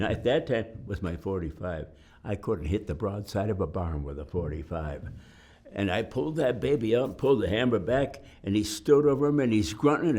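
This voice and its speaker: A man's voice: on the low side, mellow. An older man from Detroit, a war veteran telling his memories in an oral history interview, acting out voices and sounds as he goes. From Detroit, United States. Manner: vivid storytelling, acting out voices and gunshots.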